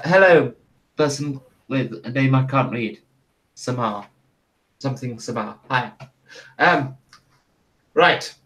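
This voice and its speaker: A man's voice: medium pitch, fairly bright tone. Male game master on a live tabletop stream; rambling, profane, full of stops and restarts. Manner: rambling, swears, hesitant restarts.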